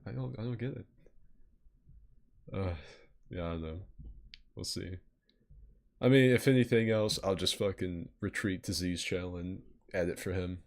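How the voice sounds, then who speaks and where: A man's voice: deep voice, normal speed, gravelly, long pauses, a little mellow. A man hosting a podcast in casual chat, swearing and self-mocking, often laughing. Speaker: podcast host.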